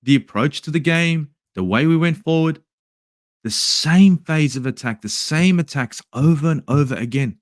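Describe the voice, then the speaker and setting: A man's voice: fairly high pitch, normal speed, no echo, studio quality. An Australian man hosting a football channel, angrily ranting through a match review with plenty of swearing. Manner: angry, swearing, exasperated ranting. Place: home in Sydney at night.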